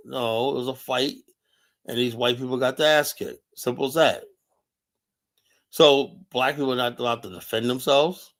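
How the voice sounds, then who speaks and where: Male stream host, mid-pitched, impassioned rant, repetitive, filler-heavy. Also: fairly even intonation, moderate pace, fairly bright tone. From United States. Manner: urgent, emphatic, repeats himself with many fillers. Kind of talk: impassioned monologue commentary.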